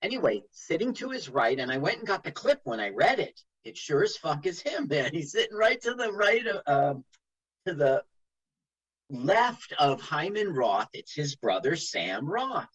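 A man's voice: fairly high pitch, normal speed, slightly rough, highs cut off. A man co-hosting a radio show, chatting casually about a movie and quoting its scenes. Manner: animated, quotes scenes in put-on voices. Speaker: radio co-host. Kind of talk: casual movie commentary chat.

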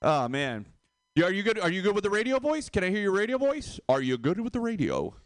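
A man's voice: high voice, fairly quick, no room sound. Guy doing standup, voice bouncing all over, laughs at his own bits, dry close sound. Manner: animated, laughs at own jokes. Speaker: stand-up comedian. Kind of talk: stand-up comedy set.

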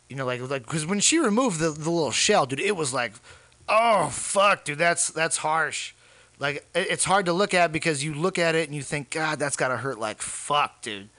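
A man's voice: medium pitch, lively intonation, a little fast, sharp tone, dry recording. Brash, profane man telling crude stories. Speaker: podcast co-host, comedian. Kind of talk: crude comedic storytelling.

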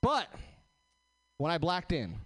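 A man's voice: fairly high pitch, wildly swooping pitch, slow pace. A male stand-up comedian performing on a crowded comedy stage. He is brash, swears freely and mocks himself. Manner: brash, profane, self-mocking. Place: packed comedy venue stage.

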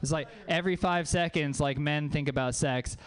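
A man's voice: a little high, moderate pace. Dry, self-mocking stand-up comedian man. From Louisiana. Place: comedy club stage.

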